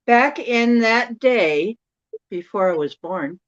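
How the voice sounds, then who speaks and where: A woman's voice: slow pace, no room sound. A woman hosting a casual chat, telling stories and acting out quoted dialogue with her voice jumping up. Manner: animated, acts out quoted dialogue with rising pitch. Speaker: host. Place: outdoors at night. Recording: dull lo-fi sound.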